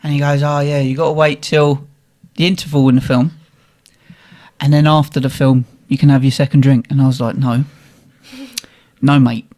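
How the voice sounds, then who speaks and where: A young man, animated and swearing as he tells a funny story in casual chat. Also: mid-range voice, normal speed, pauses often. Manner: animated, swearing, laughing at his own story. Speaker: guest telling a story.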